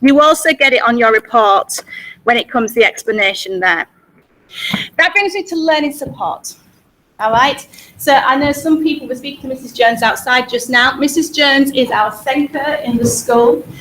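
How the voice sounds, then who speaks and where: A woman with a Hull accent, a music teacher talking quickly and energetically to parents at a school information evening. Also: high-pitched, a little hiss or hum. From Hull, England. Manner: fast-talking, energetic, repeats words for emphasis. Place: school hall. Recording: echoey hall.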